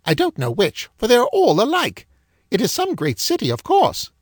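A smug know-it-all magician from a storybook, as a man puts him on. The voice leaps high and races ahead, sliding up and down with theatrical emphasis. A slight huskiness sits under it, and the sound is close and dry. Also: husky, no echo, heavily acted. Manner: lively, high and rushing with emphatic swoops.

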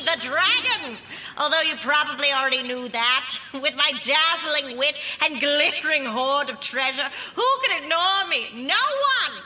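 A woman's voice: sits high, pushed and bright, full character voice. A woman voicing a vain, arrogant dragon who gives a haughty, boastful award acceptance speech. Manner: haughty, self-satisfied, boastful.

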